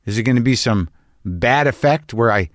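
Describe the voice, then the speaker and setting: A man's voice: mid-range voice, lively intonation, moderate pace, dry recording, studio quality. A man hosting a podcast, talking in a wry, anxious, profane ramble. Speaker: podcast host. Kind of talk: rambling casual monologue. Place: lives on the West Coast.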